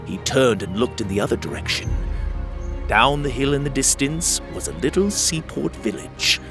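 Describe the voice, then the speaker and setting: A man hosting and narrating a children's adventure story in an expressive read-aloud manner. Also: medium pitch, moderate pace, over music. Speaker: storyteller and podcast host.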